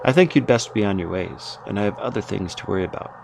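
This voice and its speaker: A man voicing a sultry, flirtatious woman in a horror game, with a soft, silky voice and a slight put-on Southern drawl. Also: medium pitch, vocal fry, close to an everyday voice. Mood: brisk. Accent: light put-on Southern drawl. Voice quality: soft, silky, drawn-out "darling". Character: sultry, teasing woman, flirtatious then businesslike. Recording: noisy background.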